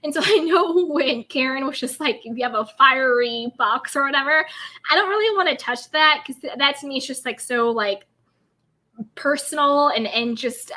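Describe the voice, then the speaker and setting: An animated woman hosts a live recap stream, reading viewer comments and dishing gossip while she keeps calling every claim alleged. Her voice sits a little high and comes across bright and forceful. She talks with an easy, chatty looseness. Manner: animated, laughs often.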